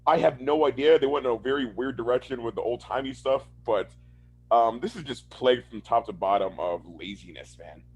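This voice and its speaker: This podcast co-host from Florida, USA has a slightly rough, mid-range voice and talks fairly fast. He rants in a relaxed, chatty way, full of swearing and laughter.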